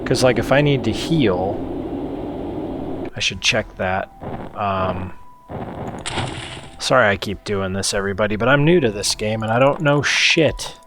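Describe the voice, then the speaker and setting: Guy doing a let's play, kinda low voice, jokey and swears a bit, noisy recording. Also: measured pace, pauses often. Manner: chatty, joking, mild swearing. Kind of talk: casual gameplay commentary.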